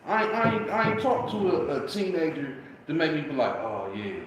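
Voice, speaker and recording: A man's voice: fairly high pitch, expressive, brisk, slight background noise. Blunt, profane man ranting in an echoey room. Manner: blunt, profane ranting, says "you know what I'm saying". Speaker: podcast co-host. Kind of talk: casual chat. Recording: very echoey room with faint ambience.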